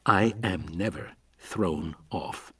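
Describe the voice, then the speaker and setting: A man's voice: mid-range voice, animated, fairly quick, husky, distant mic. A man voicing a blunt, irritable male scientist who speaks curtly and coldly, read aloud from an audiobook. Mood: firm. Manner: curt and cold.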